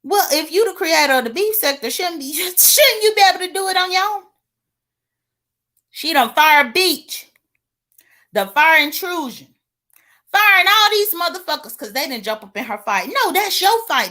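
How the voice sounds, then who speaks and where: A woman doing sassy, animated gossip commentary, greeting viewers by name and laughing between points. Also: sits high. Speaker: livestream commentator.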